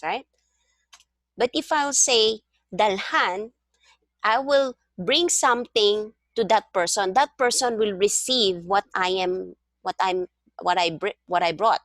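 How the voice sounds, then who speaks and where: Slow, patient woman tutor. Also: medium pitch, a bit bright, dry recording, clean studio sound. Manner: patient, explains step by step. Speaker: language tutor. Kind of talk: one-on-one language lesson. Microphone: video call.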